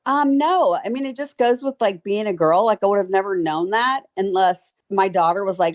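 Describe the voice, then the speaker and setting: A woman's voice: mid-range voice, brisk, hardly any pauses. A woman in her fifties from the Southern US with a slight Southern accent, chatting in a friendly way as a podcast guest. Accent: slight Southern American. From Baton Rouge, Louisiana. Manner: friendly, chatty, laughs easily. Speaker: guest, former model and author. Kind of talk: casual interview chat.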